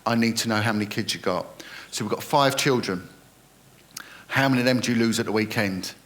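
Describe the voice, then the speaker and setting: A man's voice: fairly low pitch, a little fast, fairly bright tone. A middle-aged man, a retired police detective earnestly recounting his experiences in an interview and quoting others in dialogue.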